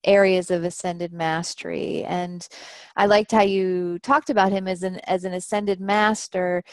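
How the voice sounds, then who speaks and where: Woman guest author, slow and thoughtful, dry close sound. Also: lowish voice, dry recording. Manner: thoughtful, hesitant with fillers. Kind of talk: interview answers.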